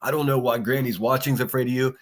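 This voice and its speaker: Man host, sarcastic and foul-mouthed, mid-pitched, reacting live to clips. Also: fairly even intonation, fast talker. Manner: mocking, profane, sarcastic. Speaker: podcast host. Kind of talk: solo livestream reaction commentary.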